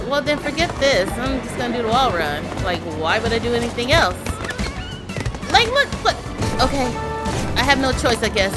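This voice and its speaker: A woman streaming a platform game, exasperated and often shouting at her failures. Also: high-pitched, huge pitch swings, normal speed. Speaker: gameplay streamer. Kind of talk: let's play commentary. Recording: loud game music behind. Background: game music.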